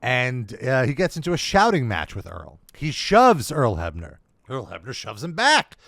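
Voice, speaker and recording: A man co-hosting a wrestling review podcast in casual chat, excitable and acting out the crowd's reactions. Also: mid-range voice, normal speed, creaky, no echo, clean studio sound. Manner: excitable, acts out quoted reactions. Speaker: podcast co-host.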